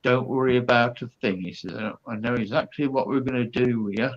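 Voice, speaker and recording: A man's voice: medium pitch, steady tone, brisk. An older man, a comedian guest, telling chatty anecdotes and acting out the people in them. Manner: chatty storyteller, acts out quoted voices. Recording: dull lo-fi sound.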